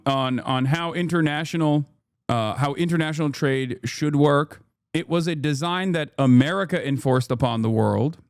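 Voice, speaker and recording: A man in his thirties giving casual, sarcastic commentary on the news, swearing and breaking into loud mocking voices. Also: dry recording, studio quality. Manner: animated, sarcastic, swears, mocks others in loud shrill put-on voices. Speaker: political streamer reacting to news.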